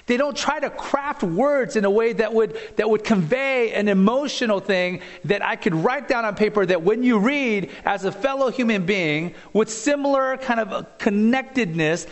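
A man in his forties preaching a sermon in a church, conversational and animated, full of asides and rhetorical questions. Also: on the high side. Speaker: pastor. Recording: long hall reverb.

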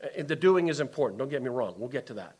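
A man preaching a sermon as a pastor, impassioned, swinging from loud emphasis to soft, hushed lines. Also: medium pitch, lively intonation, fast talker, breathy edge.

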